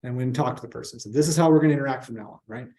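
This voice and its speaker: Mellow-voiced man leading a workshop. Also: mid-range voice, racing. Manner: casual, repeats "right?" often. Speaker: workshop presenter. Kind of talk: conversational workshop talk.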